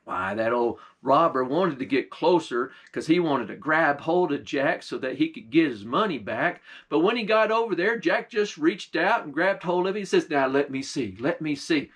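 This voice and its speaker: A pastor telling a folk tale and adding a short sermon. His voice sits a bit high for a man, and he tells it in a folksy, unhurried way full of dialect words. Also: expressive, a bit bright, husky.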